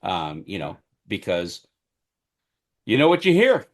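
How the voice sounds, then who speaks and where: A man who covered a trial as media co-hosts a casual podcast, telling animated stories about it at a slightly slow pace. When he gets excited, his voice turns loud and booming.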